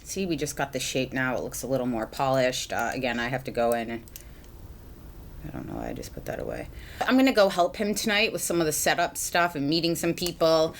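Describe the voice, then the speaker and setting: A chatty woman in her thirties from the US talks through her makeup routine at home, rambling with fillers and self-deprecating laughs. Her voice sits low for a woman. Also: brisk, few pauses, a little hiss or hum. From United States. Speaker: beauty vlogger. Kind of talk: chatty get-ready-with-me vlog. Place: home, at a mirror, indoors.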